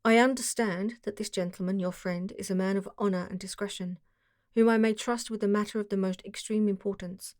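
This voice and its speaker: A woman reading the part of a masked foreign nobleman, formal and guarded, with a deep, harsh voice and a German accent. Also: steady tone, brisk, darkish tone, dry recording, clean studio sound, lightly acted. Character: masked foreign nobleman, giant, haughty and secretive.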